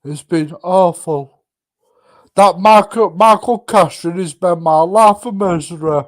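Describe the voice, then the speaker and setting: A man with a fairly high voice runs a live stream chat panel. He talks bluntly and mockingly, swearing freely. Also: slow pace.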